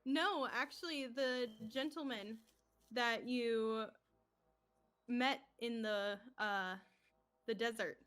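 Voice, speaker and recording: A woman's voice: on the high side, slow, long pauses, fairly bright tone, smooth. A woman narrating as game master of a tabletop game, laughing often as she describes scenes and voices characters.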